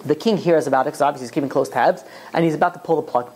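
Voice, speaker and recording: A man's voice: fairly high pitch, racing, darkish tone. A man, a rabbi, telling a long parable in a loose, rambling storytelling way, full of "you know" and "he's like". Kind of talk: storytelling in a Torah talk.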